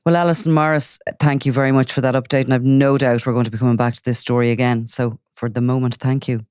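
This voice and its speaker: A woman hosting a crime podcast, recounting cases in a measured, detailed way. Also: extremely low pitch, steady tone, darkish tone, clear, resonant tone, no echo, clean studio sound. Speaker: podcast host.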